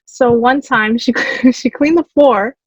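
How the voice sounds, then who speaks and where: Woman from canada, podcast co-host, laughs while telling stories, higher voice, slightly muffled lo-fi mic. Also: takes it slowly, husky, no room sound. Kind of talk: casual chat, telling retail stories.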